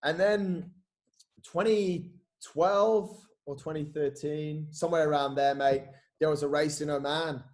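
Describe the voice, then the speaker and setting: A man, a podcast guest and coach telling stories in casual, animated chat, swearing and saying "mate" a lot. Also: on the high side, measured pace.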